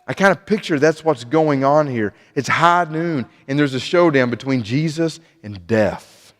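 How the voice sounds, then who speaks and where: A man's voice: a little high, lively intonation, a little slow, a bit bright. Preacher man with long church reverb. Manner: earnest, with frequent restarts and repeated words. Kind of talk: sermon. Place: church sanctuary.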